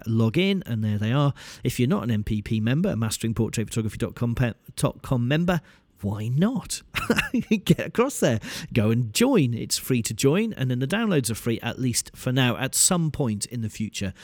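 A middle-aged man talks casually into a close podcast mic, and the sound is completely dry. His voice sits at an everyday middle pitch, friendly and self-mocking, and he keeps chuckling at his own slips. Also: a little mellow, no room sound. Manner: chatty, self-deprecating, laughs at himself. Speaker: podcast host.

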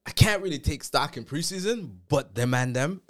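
A man's voice: a little high, expressive, moderate pace. A young man co-hosting a casual basketball chat, easygoing and often tagging on questions. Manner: easygoing, keeps asking 'right?'. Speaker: podcast co-host.

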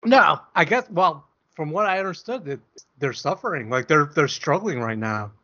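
This podcast co-host sounds a little high and animated, with a sharp tone and a moderate pace. He rambles casually, cracking jokes at his own expense. The recording is dull and lo-fi.

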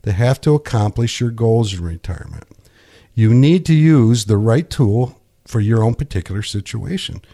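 A middle-aged financial coach on a radio talk show, explaining things conversationally with frequent restarts. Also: male voice, fairly low pitch, lively intonation, moderate pace, mellow.

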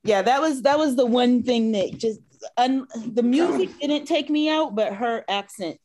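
A woman's voice: on the high side, measured pace, darkish tone. A woman in a casual movie-review chat, giving candid, thoughtful opinions. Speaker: podcast co-host.

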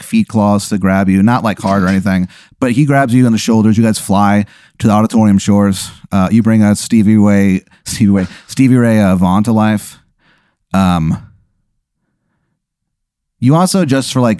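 A man hosting a podcast, spinning an improvised comic story in a loose, animated way, full of "like" and swearing. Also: lowish voice, dry recording, studio quality. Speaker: podcast host.

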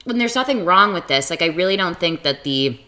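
A woman in her thirties talks in a low, slightly husky voice, which she says sounds a bit manly in daily life. Her tone is bright and forceful, and she tells frank, profane stories on a podcast in easy, chatty conversation. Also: animated, fairly quick. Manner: candid, laughing, profane storytelling. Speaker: podcast guest. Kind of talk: casual chat.

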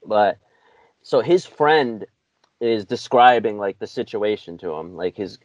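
A man's voice: lowish voice, lively intonation, unhurried, no room sound, muffled recording. A man hosting a podcast, chatting casually about a film in an easygoing, rambling way. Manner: easygoing, rambling, with lots of fillers. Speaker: podcast host. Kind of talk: casual film-review chat.

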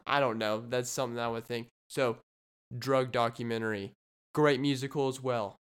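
A man hosting his own podcast, talking alone in a rambling, jokey way as he riffs on silly ideas. His voice is smooth and clear, at a middling pitch. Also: fairly even intonation, moderate pace. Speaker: podcast host. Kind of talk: solo comedic podcast monologue.

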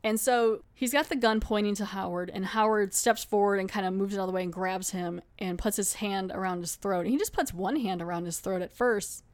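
A woman hosts a podcast and talks through a TV episode in a casual, chatty way. Her voice sits at an ordinary middle pitch for a woman. She retells it with animation, laughing and throwing in quick acted lines. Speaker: podcast host.

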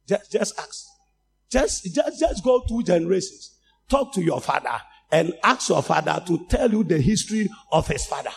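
A male preacher with a Ghanaian accent delivering a sermon, a Twi speaker who swings from calm talk to loud shouted exhortation. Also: sits high, moderate pace, vocal fry, husky. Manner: switches between English and Twi, rising to shouts.

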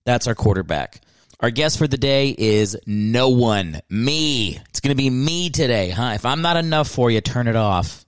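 A man's voice: mid-range voice, lively intonation, moderate pace, clear, resonant tone, no echo, clean studio sound. Self-mocking man hosting a comedy podcast. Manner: joking, self-mocking, rambling with restarts. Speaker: podcast host. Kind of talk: solo comedy podcast monologue.

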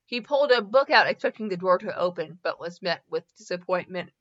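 A woman reads fan fiction aloud in a casual, amused way, fixing her own slips as she goes. Her voice is bright and edgy. The recording is muffled and lo-fi. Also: lowish voice, animated, fairly quick. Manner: laughs and corrects herself while reading. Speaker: fanfiction reader. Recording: dull lo-fi recording.

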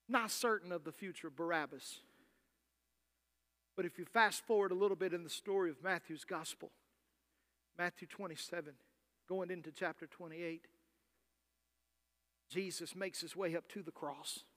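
A man preaching a sermon with passion, acting out Bible figures and swinging from loud to soft. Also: sits high, moderate pace, long pauses.

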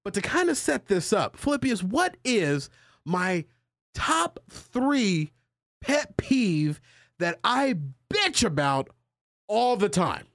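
A male podcast host in casual chat, animated and joking with his co-hosts as he reads out a listener letter. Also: sits high, takes it slowly, no room sound, studio quality. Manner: animated, jokey banter with co-hosts.

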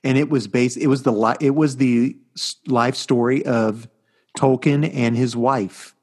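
A middle-aged man co-hosting a casual chat podcast, telling stories in an animated, rambling way. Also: mid-range voice, a little slow. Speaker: podcast co-host.

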